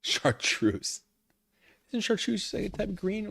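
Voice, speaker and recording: A man's voice: high-pitched, very animated, unhurried, vocal fry, fairly bright tone. A man streaming from his living room, chatting casually and reading chat aloud, rambling and self-deprecating.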